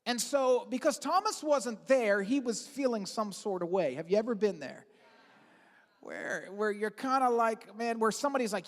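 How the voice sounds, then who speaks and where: A lead pastor giving an Easter sermon in an energetic, conversational way with casual asides and fillers. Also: mid-range voice, normal speed, big-room sound. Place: large church auditorium.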